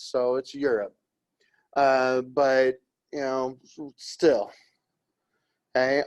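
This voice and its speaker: Man giving a rambling classroom lecture. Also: mid-range voice. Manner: rambling and conversational, checks in with "right?" and "okay?", teases students. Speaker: art history teacher.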